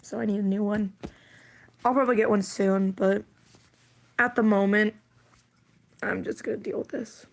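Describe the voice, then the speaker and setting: A woman's voice: medium pitch, fairly even intonation, normal speed, gravelly, pauses often. A woman chatting casually on a livestream, rambling and wry with plenty of fillers, while coming down with a cold.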